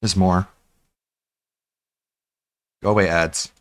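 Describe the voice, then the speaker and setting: A man's voice: low voice, fairly even intonation, takes it slowly, fairly bright tone. A man streaming live, reacting to a show with blunt, mocking commentary.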